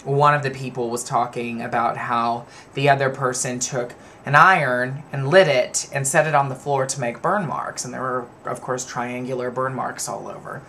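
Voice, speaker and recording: A man's voice: medium pitch, fairly even intonation, moderate pace, hardly any pauses, pushed and bright, a little hiss or hum. A man candidly telling personal stories to his viewers, rambling and laughing at himself. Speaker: vlogger. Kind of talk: personal storytelling to camera.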